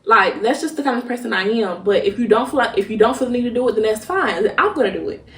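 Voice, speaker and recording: A young woman hosts a podcast, talking through a personal story in a halting, emotional way with many restarts. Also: fairly high pitch, expressive. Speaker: podcast host. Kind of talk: personal reflective monologue. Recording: roomy echo, mic at a distance.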